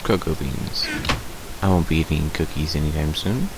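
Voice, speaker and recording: A man's voice: extremely low pitch, heavy background noise. A man chatting casually to his viewers while playing a survival game, rambling with lots of fillers. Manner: unhurried with many fillers. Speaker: gameplay video creator. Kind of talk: casual gameplay commentary.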